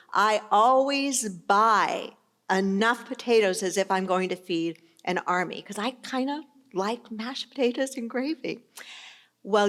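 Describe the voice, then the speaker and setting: A woman's voice: on the high side, fairly bright tone. A middle-aged woman pastor giving a sermon in a conversational, storytelling manner.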